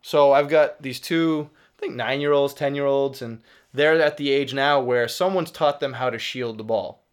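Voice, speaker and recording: A man's voice: medium pitch, moderate pace, clean tone. A man with a Boston accent, co-hosting a soccer talk show and coaching youth soccer, chatting casually with lots of fillers and restarts. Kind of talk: casual sports chat.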